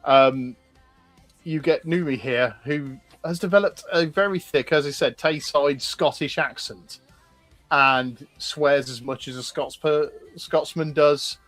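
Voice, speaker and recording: A man's voice: on the high side, takes it slowly, fairly bright tone, no room sound, soft background music. A man co-hosting a livestream, casually explaining characters with frequent ums and restarts. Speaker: co-host presenting concept art.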